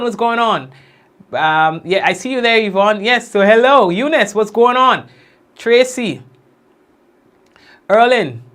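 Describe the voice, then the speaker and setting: A young man hosting a casual livestream, giving warm shout-outs to commenters by name and drawn-out blessings. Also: fairly high pitch. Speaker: livestream news host. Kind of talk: casual livestream chat greeting viewers.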